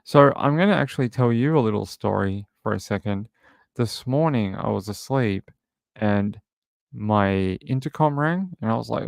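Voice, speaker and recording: Low gravelly guy. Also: animated, moderate pace, dry recording, studio quality. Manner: rambling, thinks aloud, many restarts. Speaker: true crime livestream host. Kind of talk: casual livestream chat.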